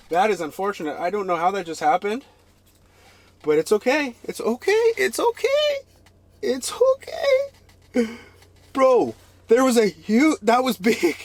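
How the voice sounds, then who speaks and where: A man talking casually to camera while ice fishing on a frozen lake, breaking into excited exclamations. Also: high-pitched, a little hiss or hum. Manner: excitable, bursts into loud exclamations. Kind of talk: casual outdoor vlog commentary.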